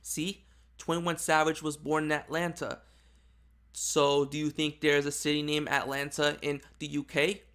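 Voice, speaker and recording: A man's voice: a little high, level tone, measured pace, fairly bright tone, clean tone. A man giving casual, rambling video commentary with many fillers and restarts. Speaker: YouTube commentator.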